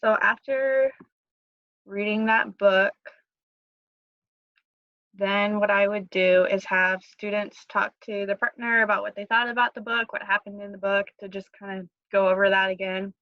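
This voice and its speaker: Woman teacher, monotone lesson-plan walkthrough, dry lo-fi sound. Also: medium pitch, a little slow, dry recording. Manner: plain, steady explanation with fillers. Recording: dry, dull lo-fi recording.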